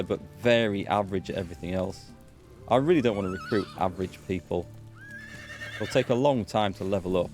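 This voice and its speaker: A man's voice: low voice, fairly quick, darkish tone, faint music behind. A man chatting casually with wry asides while playing a video game as a let's play host. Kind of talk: casual gameplay commentary.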